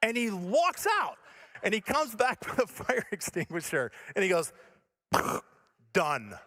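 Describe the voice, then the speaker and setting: Man, pastor, sermon storytelling, high voice, self-mocking, animated. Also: normal speed. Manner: animated, self-mocking storyteller who acts out his own panic. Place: church stage.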